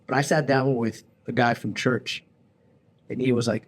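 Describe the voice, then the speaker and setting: A man in his forties hosting a casual podcast chat, telling stories in an animated, slangy way and calling people bro and dude. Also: mid-range voice, normal speed. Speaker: podcast host.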